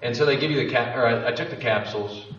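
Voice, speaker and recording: A man's voice: medium pitch, fast, fairly bright tone. A young man candidly telling a personal story to a live audience, rambling and swearing freely, often cutting himself off. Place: event room with an audience. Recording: roomy, distant, dull lo-fi room recording with faint noise.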